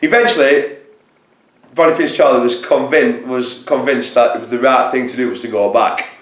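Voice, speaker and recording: A man's voice: medium pitch, fairly even intonation, normal speed, echoey room, low-quality recording. A man telling history in a loose, rambling way, swearing freely and often correcting himself. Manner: rambling, profane, self-correcting. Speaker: storyteller. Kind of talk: casual history storytelling.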